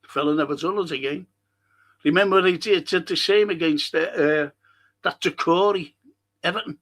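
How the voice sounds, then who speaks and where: An older man hosts a live stream and reads out viewer comments. He talks in a rambling, heated way, swears often, and sits a bit higher in pitch than most men. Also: moderate pace, a bit bright. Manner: passionate, rambling, swears freely. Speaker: podcast host.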